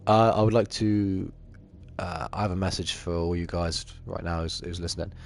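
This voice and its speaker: A man's voice: low voice, fairly even intonation, normal speed, gravelly, slight background noise. A young man co-hosting a let's play, cracking cheeky, boisterous jokes in casual gaming chat.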